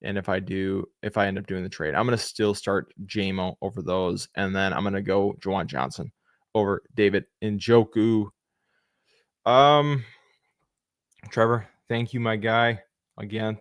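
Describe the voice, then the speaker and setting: A young man with a low-pitched voice hosts a casual live Q&A. He reads viewer questions aloud, answers them briskly and thanks people by name. The sound is dry and close, with no room echo. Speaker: fantasy football livestream host.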